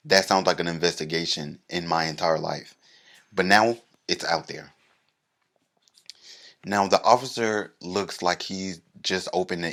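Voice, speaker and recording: A man with a very low, deep voice tells a stand-up story about himself. He mocks himself and lands each beat with animated comic timing. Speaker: comedian.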